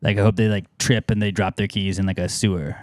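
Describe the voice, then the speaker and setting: A man's voice: on the low side, fairly even intonation, fast, dry recording, clean studio sound. A man hosting a podcast in casual chat, grumbling and swearing freely. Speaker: podcast host.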